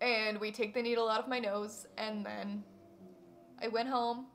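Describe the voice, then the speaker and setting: A young woman telling a personal story in a casual vlog, animated and exaggerated, full of fillers. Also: a little high, a little fast, a little hiss or hum. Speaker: vlogger.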